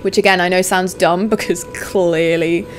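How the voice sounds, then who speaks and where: A young woman playing a video game, chatting casually to viewers and getting excited and swearing as she explores. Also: fairly low pitch, moderate pace. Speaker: let's play host. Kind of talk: casual gameplay commentary. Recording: background noise under voice.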